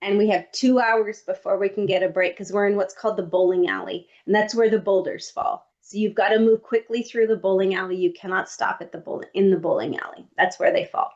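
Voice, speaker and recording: A woman guest on a podcast, telling a personal story in an animated way and acting out what others said. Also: mid-range voice, a little fast, hardly any pauses, lo-fi sound.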